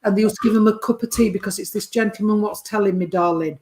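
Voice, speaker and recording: A woman's voice: medium pitch, fast talker. Chatty woman medium. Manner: chatty, warm terms of address, keeps checking with the sitter. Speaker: spiritualist medium. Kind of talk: mediumship reading to a sitter.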